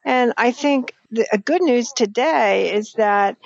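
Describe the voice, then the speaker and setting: Measured woman podcast host, lo-fi. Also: a little high, creaky. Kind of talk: podcast conversation. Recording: dull lo-fi sound.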